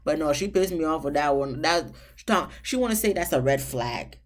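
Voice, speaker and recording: Woman reviewer, casual recap, sassy and exasperated, lowish voice. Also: lively intonation, normal speed. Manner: sassy, exasperated, swings high for emphasis. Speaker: reality show reviewer.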